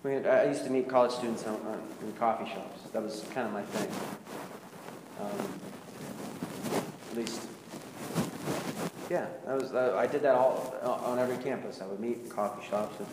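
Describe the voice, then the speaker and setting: A man's voice: medium pitch, normal speed, long pauses. A male pastor giving a conversational, confessional sermon and putting rhetorical questions to his congregation. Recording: echoey hall with background noise.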